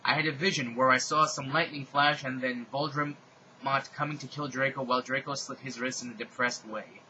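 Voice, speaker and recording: A man giving a mocking dramatic reading in a deadpan tone with sarcastic asides. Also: mid-range voice, fairly quick, muffled recording, slight background noise. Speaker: reader.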